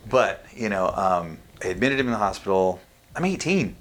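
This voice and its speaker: Young guy with a real low voice, swears a lot, lots of ums and restarts, casual podcast talk. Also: slight background noise. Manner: frank and profane, halting with many fillers.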